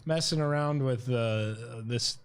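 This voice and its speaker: A man's voice: mid-range voice, slow pace, smooth. Guest comedian, male, laid-back chat, laughs easily. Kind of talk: casual chat. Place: local studio.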